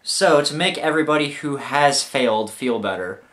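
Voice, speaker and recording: Young guy vlogging his own fails, jokey and self-mocking, mid-pitched voice. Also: animated, normal speed, a bit bright. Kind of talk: comic storytelling to camera.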